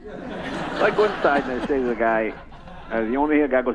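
A man's voice: mid-range voice, fairly quick, noisy background. An older man, a guest comedian, telling anecdotes in casual chat and acting out the people in them. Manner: animated, acts out voices in anecdotes. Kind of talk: casual storytelling.

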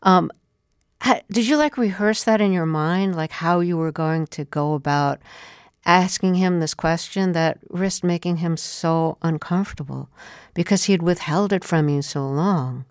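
A woman interviewer with a very low, smooth voice, recorded close and dry in a studio. She recaps carefully, then asks her questions in a measured way. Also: dry recording. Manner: careful, recapping before asking. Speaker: radio interview host.

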